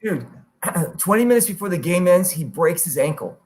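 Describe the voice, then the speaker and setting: Man, high voice, podcast host, casual storytelling, animated, profane. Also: moderate pace. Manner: animated, swears freely, jumps to high-pitched quoted voices.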